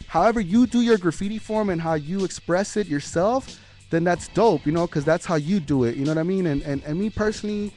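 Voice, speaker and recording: A man's voice: sits high, a little mellow, soft background music. A man talking about his craft in a casual interview, cursing freely and stumbling over repeated words, saying "man" a lot. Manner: profane, halting, lots of "man" and repeated words. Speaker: graffiti artist guest.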